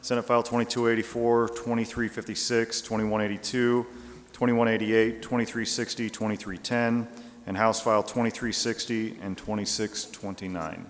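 A man, a state representative, making formal motions and reading lists of bill numbers in a brisk, businesslike way in a large chamber. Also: on the low side, level tone. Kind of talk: formal motions in a legislative session. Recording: long echo of a large chamber.

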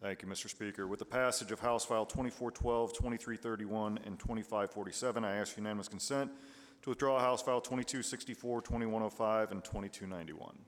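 A man making procedural motions on a legislative floor, briskly running through bill numbers. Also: lowish voice. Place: legislative chamber. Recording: echoey hall from a chamber mic.

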